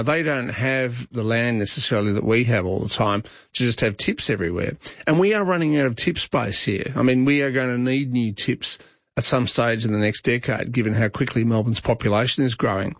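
Opinionated Australian radio host, dry studio sound. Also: male voice, medium pitch, no echo. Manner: opinionated, conversational, frequent fillers and restarts. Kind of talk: talkback radio commentary. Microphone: studio microphone. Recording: slightly dull broadcast audio, dry.

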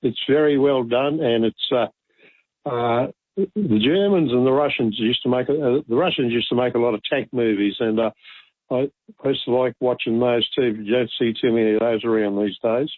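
A man calling in to a radio show, talking hesitantly with many pauses. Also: mid-range voice, no room sound. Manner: hesitant, full of uhs. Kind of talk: casual call-in chat. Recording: tinny phone line.

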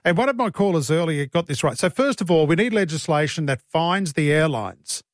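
A man's voice: fairly high pitch, lively intonation, a little fast, dry recording. An Australian man hosting a talkback radio show in a studio, chatty, joking and blunt. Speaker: radio host. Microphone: studio mic.

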